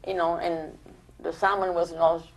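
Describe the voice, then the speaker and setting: An older woman from Italy with an Italian accent, telling her life stories in an oral history interview, animated and full of restarts. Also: on the low side, measured pace. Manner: animated storytelling with many restarts.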